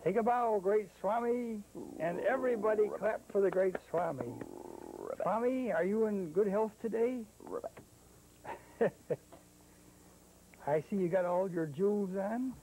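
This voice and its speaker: A man with a high, mellow voice hosts a 1970s children's TV show as a magic clown. He talks in playful, coaxing patter to the kids at home and teases his puppet sidekick. Faint hiss sits under the old broadcast sound. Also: unhurried, long pauses, low-quality recording.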